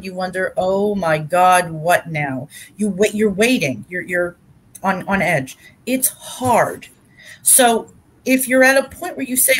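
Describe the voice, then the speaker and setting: Earnest middle-aged woman giving caregiving advice. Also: medium pitch. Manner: earnest, heartfelt, with frequent restarts. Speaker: guest speaker on caregiving. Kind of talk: conversational advice talk.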